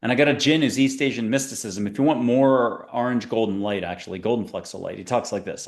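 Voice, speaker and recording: A man hosting a spiritual talk show, chatting in a rambling, animated way that jumps between ideas. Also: mid-range voice, fairly quick, hardly any pauses. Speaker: podcast host.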